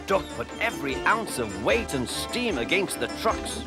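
A man narrating a children's cartoon in an expressive storytelling manner. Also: a little high, normal speed, vocal fry. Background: music.

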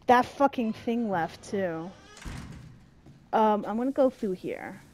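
A woman's voice: medium pitch, lively intonation, slow, darkish tone, a little hiss or hum. A young woman commenting on a horror game, swearing a lot and talking to the game as she plays. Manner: swearing, jumpy, talks to the game. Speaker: gamer.

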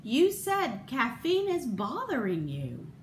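A woman voicing a calm, gentle wife who speaks in a soothing, raised tone. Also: fairly high pitch, takes it slowly, echoey room, slight background noise, pitched above the performer's own voice, full character voice.

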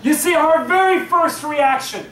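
A man pastor preaching a sermon from the pulpit, lively and joking with his congregation. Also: very high-pitched, measured pace. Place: church sanctuary, at the pulpit. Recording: echoey room, voice from far off.

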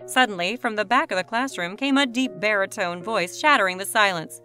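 Woman reading a story, bright voice, smooth and measured, soft music behind. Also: mid-range voice. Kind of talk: scripted narration.

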